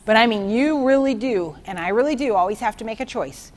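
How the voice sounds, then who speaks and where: A woman with a fairly high voice gives a chatty, excitable Bible teaching. She tells personal stories to make her points. She keeps checking in with her listeners with "okay?" and "right?". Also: brisk.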